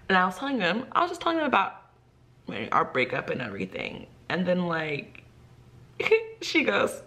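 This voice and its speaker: A young woman tells a vlog story in a lower voice that swings widely up and down. She acts out quotes from her students and fills her talk with "like". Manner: animated storyteller, many "like" fillers, acts out quotes. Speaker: ESL teacher and vlogger.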